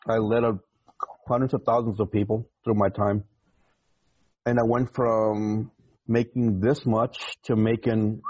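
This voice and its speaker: A man in his forties, a retired navy chief, telling his story in an interview with emotion, halting and repeating words. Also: on the low side, dry recording, highs cut off.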